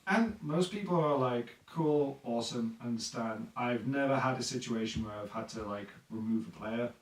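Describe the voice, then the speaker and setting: A man's voice: mid-range voice, moderate pace, echoey room, far from the mic, low-quality recording. A man chatting casually on a podcast about running tabletop games, rambling with lots of fillers and acting out players' lines. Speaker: dungeon master guest.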